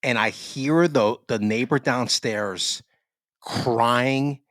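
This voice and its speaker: A man's voice: mid-range voice, extremely slow, dry recording. A man co-hosting a podcast, telling rambling stories with lots of swearing. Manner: animated, profane storyteller. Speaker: podcast co-host. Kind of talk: casual chat.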